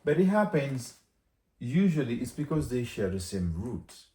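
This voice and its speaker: A man giving a casual language lesson, chatty, saying phrases again slowly for learners. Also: mid-range voice, sing-song, warm tone, echoey room. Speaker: language teacher.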